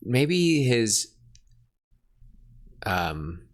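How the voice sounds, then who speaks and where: A man co-hosting a podcast, brainstorming a fantasy story in casual chat and excitedly acting out the characters' lines. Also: mid-range voice. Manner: excited, acts out characters' lines in quick bursts. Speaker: podcast co-host.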